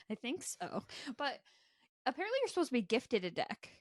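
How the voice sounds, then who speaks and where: A woman's voice: high voice, sing-song, a little slow, no echo, studio quality. A woman with a Maine accent, co-hosting a podcast, telling stories in a chatty way with giggly asides. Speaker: podcast co-host. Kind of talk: casual chat.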